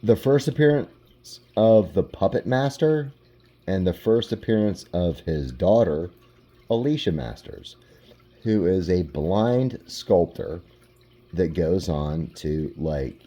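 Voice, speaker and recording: A man hosting a casual collection vlog, relaxed and rambling, with lots of "like". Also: sits low, a little slow. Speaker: comic book collector.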